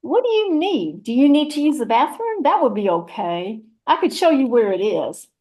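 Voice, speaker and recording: A woman's voice: high voice, big pitch swings, normal speed, a little mellow. A woman voicing a chatty, churchgoing rural mama, rambling in a folksy, motherly way. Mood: chatty, gossipy. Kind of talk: one-woman audio play reading.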